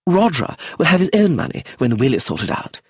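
A man voicing a quick, sharp-spoken dramatic woman in an audiobook. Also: on the high side, huge pitch swings, slightly rough, dry recording, clean studio sound, pitched above the performer's own voice, exaggerated voice.

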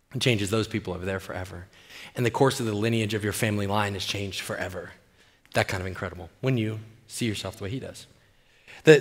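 A male pastor preaching in an animated, playful way, often putting questions to the congregation. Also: fairly low pitch, big-room sound. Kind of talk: sermon.

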